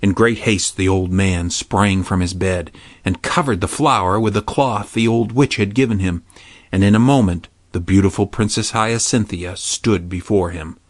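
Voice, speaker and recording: A man reads a fairy tale aloud with steady, measured pacing. His voice sits low. The recording is dry and close, with no room sound. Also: no room sound. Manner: measured, even storytelling. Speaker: narrator. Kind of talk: storybook reading.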